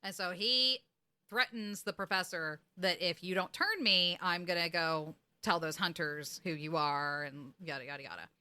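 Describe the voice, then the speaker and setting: Female co-host, casual and lively, retells scenes and acts out the quotes, clear and bright tone. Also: on the low side, moderate pace. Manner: animated storytelling, acting out quotes, laughing. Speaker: podcast co-host. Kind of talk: casual recap chat.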